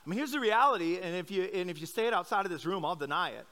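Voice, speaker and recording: High, bright-voiced man preaching casually. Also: expressive, very fast. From Iowa, US. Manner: chatty storytelling with many likes and restarts; candid, self-deprecating. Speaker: pastor. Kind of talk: conversational sermon. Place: church service.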